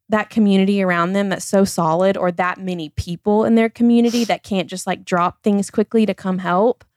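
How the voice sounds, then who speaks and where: A woman's voice: mid-range voice, no room sound. A woman in her thirties speaks as a podcast guest in an open, earnest way. She leans on "like" and "I feel like" as she talks. Her voice is recorded close, with no room sound. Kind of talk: candid personal conversation.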